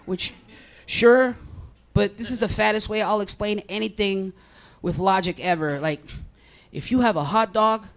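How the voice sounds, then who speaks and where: A young man doing a rambling stand-up set in a comedy club, deadpan and crude, high on edibles. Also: measured pace.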